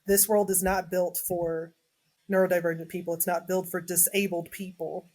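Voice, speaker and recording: Earnest, animated woman in casual discussion. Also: lowish voice, normal speed. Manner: earnest, animated, quotes people in lively voices. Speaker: podcast guest, adjunct professor.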